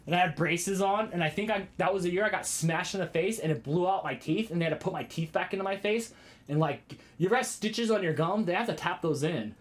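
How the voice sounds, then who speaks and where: A man in his thirties hosting a casual home livestream, rambling and chatting with viewers and often exclaiming as he goes. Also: high voice.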